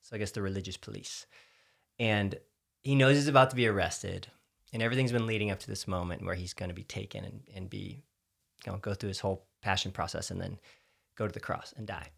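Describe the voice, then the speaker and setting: Husky and lowish, with vocal fry and fairly even intonation, this Texan-accented man talks briskly. He's co-hosting a relaxed faith conversation, unpacking scripture in an earnest, story-driven way heavy with fillers.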